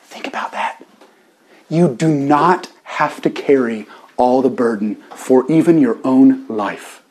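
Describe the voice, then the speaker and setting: A man in his forties preaching a conversational sermon as pastor, chatty and animated, with self-deprecating asides. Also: medium pitch, slow.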